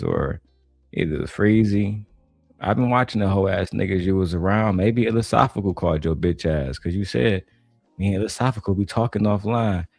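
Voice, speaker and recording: A man from Detroit is streaming and reacting, talking bluntly and swearing often. His voice is deep and sounds close and dry. Faint music sits far behind him. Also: gravelly, a little mellow, dry recording. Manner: blunt, profane, ranting.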